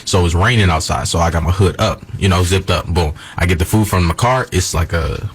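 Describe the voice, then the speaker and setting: A man's voice: sits low, brisk, breathy edge. A man telling a crude, funny story in a clip played on air. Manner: crude, laughing anecdote. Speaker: social media clip speaker. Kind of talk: casual storytelling.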